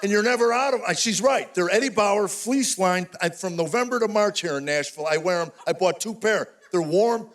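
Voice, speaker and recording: An older man doing a stand-up comedy routine on stage, telling stories in an animated, exasperated way. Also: sits high. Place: stage before a live audience.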